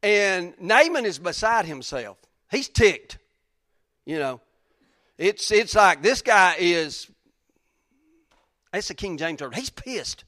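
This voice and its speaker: A man's voice: high-pitched, big pitch swings, slow, pauses often, bright, forceful tone, no echo, studio quality. A man preaching in a casual, folksy way, retelling a story and acting out the characters' lines. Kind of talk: informal sermon storytelling.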